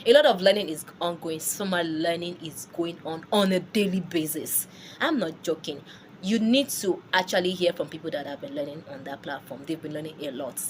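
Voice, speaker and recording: Lively woman teaching a French lesson. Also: deep voice, moderate pace, slight background noise. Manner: animated, laughs often, repeats words for drilling. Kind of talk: online language lesson.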